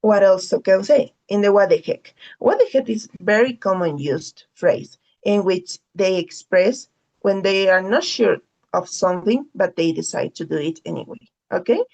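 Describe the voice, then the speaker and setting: A woman's voice: medium pitch, normal speed, gravelly, a little mellow, lo-fi sound. A woman whose first language is Spanish teaching an English class, patiently repeating key phrases and often checking in with "okay?". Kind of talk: online class instruction.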